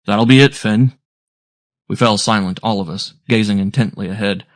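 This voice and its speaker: A man narrating a classic sea story aloud in a measured, descriptive storytelling manner. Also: deep voice, creaky, dry recording, clean studio sound. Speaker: audiobook narrator.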